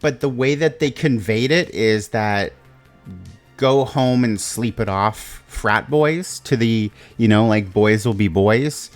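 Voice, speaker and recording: Man, game master, slow and deliberate narrator. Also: lowish voice, soft background music.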